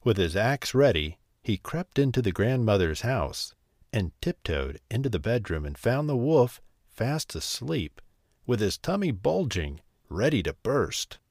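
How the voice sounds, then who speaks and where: Guy reading a bedtime story real slow, voice goes up and down a lot, dry recording. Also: lowish voice, no room sound. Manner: slow, soothing, expressive reading.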